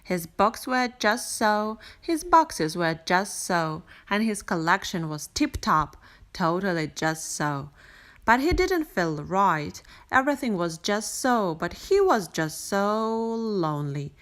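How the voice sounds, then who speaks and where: A woman reading a bedtime picture book aloud, gentle and expressive, with sing-song repetition. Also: medium pitch, takes it slowly. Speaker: storyteller. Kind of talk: bedtime story read aloud.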